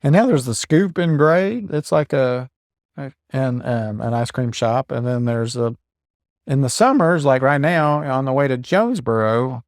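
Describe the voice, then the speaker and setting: An upbeat man hosts a podcast, quick to agree and full of enthusiasm. His voice sits at an ordinary pitch, and the recording is dry and close. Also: expressive, no echo. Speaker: podcast host. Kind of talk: casual interview chat.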